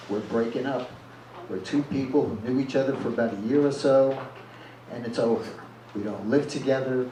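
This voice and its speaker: Blunt male storyteller at a live reading, plain-spoken; echoey room, distant mic, noisy. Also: mid-range voice. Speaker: reader at a live reading series. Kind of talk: reading a first-person story aloud. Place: live reading event venue. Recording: echoey room from far off, with noise.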